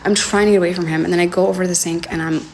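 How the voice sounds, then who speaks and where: A young woman telling a personal story on a livestream from home, talking in a halting, hesitant way with many fillers and sometimes dropping to a near whisper. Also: lowish voice, fairly even intonation, darkish tone. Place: home, indoors. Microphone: phone livestream.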